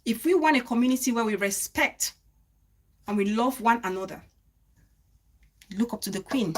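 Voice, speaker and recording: A woman's voice: a little high, lively intonation, normal speed. A woman hosting a live stream, speaking earnestly to her viewers and repeating phrases for emphasis. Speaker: livestream host.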